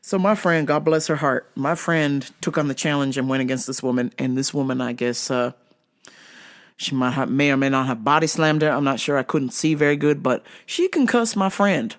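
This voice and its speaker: A woman's voice: rumbling low, normal speed. A woman hosting a talk show, ranting in a profane, emphatic, comic way and laughing through her stories. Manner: foul-mouthed, emphatic, repeats "okay?". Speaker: show host. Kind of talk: profane comedic rant.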